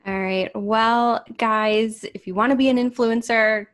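A woman's voice: on the high side, fairly even intonation, a little slow. Wry woman podcast co-host. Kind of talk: casual news chat.

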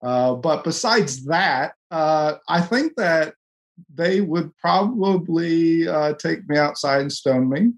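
A man from the Coast, talking in an earnest, self-deprecating, halting way as a podcast co-host in a casual discussion. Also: a little high, lively intonation. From US West Coast.

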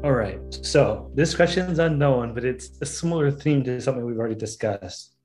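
A man's voice: mid-range voice, a little fast, darkish tone, soft background music. Man hosting a casual podcast, eager. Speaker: podcast host. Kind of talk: casual chat.

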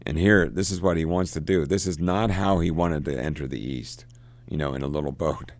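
A man discussing a novel in casual talk, halting with many restarts and fillers, now and then reading passages aloud. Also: a bass voice. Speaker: literature discussant.

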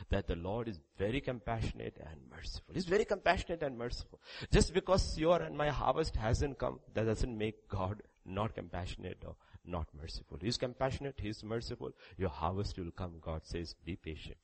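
A man preaching a sermon, reading scripture aloud, with sudden loud rises and quiet drops. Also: medium pitch, breathy edge, low-quality recording. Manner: reads scripture aloud with emphasis.

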